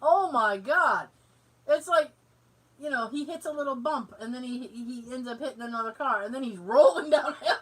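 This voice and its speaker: A woman's voice: sits high, moderate pace, slightly rough, low-quality recording. A woman co-hosting a podcast. She tells stories in casual chat, laughs often, acts out the voices she quotes and swears freely. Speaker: podcast co-host.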